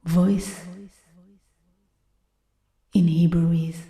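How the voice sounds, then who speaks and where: A woman giving a live lecture-performance, moving between hushed whispers and loud, drawn-out vocal sounds she repeats for effect. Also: lowish voice, flat delivery. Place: university hall, live before an audience. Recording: echoey live room.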